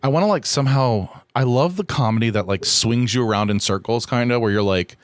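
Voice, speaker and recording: A man hosts a laid-back solo podcast in a mid-range voice, speaking a bit quickly over a dry recording. His talk is meandering, candid, and full of profanity and self-mockery.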